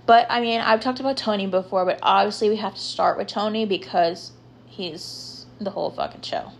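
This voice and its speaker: A woman's voice: mid-range voice, moderate pace, gravelly, slight background noise. A young woman hosting a podcast, talking casually and rambling with lots of filler words. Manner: chatty, rambling, lots of ums and likes. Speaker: podcast host. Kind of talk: casual solo podcast talk.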